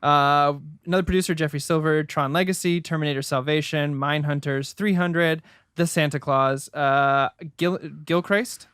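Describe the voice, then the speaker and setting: A man's voice: a little high, steady tone, normal speed, fairly bright tone, smooth, no echo, studio quality. Joking male co-host reading film credits. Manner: lightly joking while listing credits. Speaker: podcast co-host.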